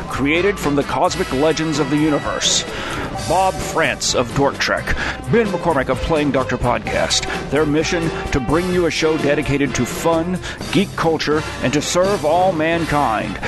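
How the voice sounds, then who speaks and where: Man announcing over loud music. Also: fairly high pitch. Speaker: show intro announcer.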